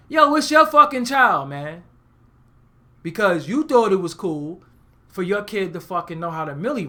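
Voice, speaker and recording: A man from Brooklyn with a New York accent, hosting a comedic, profane rant show, blunt and animated. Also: fairly high pitch. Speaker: host.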